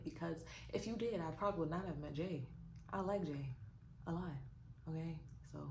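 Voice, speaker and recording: Sassy young woman telling a story. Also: lowish voice. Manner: animated, sassy storytelling with rhetorical questions. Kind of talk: casual storytime vlog. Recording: roomy echo with faint noise.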